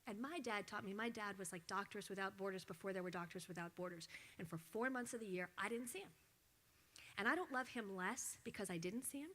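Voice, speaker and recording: Bright-voiced woman telling a story. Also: mid-range voice. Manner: storytelling, acts out her son's lines with animated voice. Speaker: award recipient giving acceptance speech. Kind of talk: speech.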